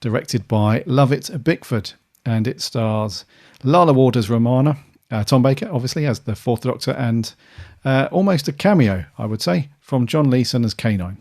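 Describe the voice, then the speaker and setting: A man in his forties co-hosting a podcast. He chats in a relaxed way, his voice middling in pitch, with plenty of fillers as he goes. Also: moderate pace. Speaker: podcast co-host. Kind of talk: casual chat.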